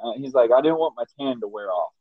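A man hosting a casual podcast, telling stories with lively quoted voices. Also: mid-range voice, fast talker, dry recording. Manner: animated storyteller, voices others in quotes. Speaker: podcast host. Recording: dry, dull lo-fi sound.

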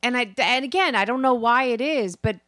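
A woman's voice: fairly high pitch, brisk, fairly bright tone, no room sound, clean studio sound. A woman co-hosting a podcast, explaining her opinions in casual chat.

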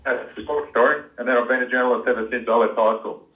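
A man in his forties with an Australian accent, a journalist guest, answering in a relaxed, modest way. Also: mid-range voice, fast talker, reverberant, narrow, tinny audio. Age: 40s. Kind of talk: casual interview.

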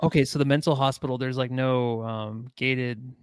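Easygoing podcast co-host, dry voice. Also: male voice, mid-range voice, steady tone, normal speed, smooth, no echo. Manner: easygoing, laughing, short back-channel replies. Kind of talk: casual chat.

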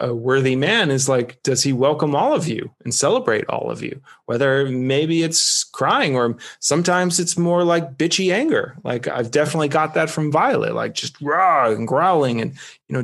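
A man's voice: medium pitch, creaky. A man talking earnestly and reflectively in a casual podcast conversation. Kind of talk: casual conversation about intimacy.

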